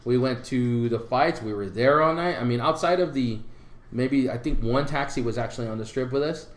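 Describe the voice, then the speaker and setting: A man with a mid-range voice speaks fairly quickly in a reverberant space. Co-hosting a podcast, he tells a story in casual chat, acting out the voices of the people involved.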